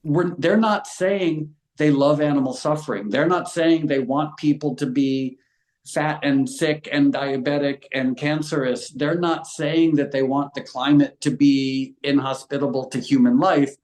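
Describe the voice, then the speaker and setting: A man's voice: a little high, fairly even intonation, unhurried, a little mellow. A middle-aged man speaking as an interview guest, talking frankly and with passion. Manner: earnest, impassioned and frank. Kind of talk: conversational interview. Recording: roomy echo.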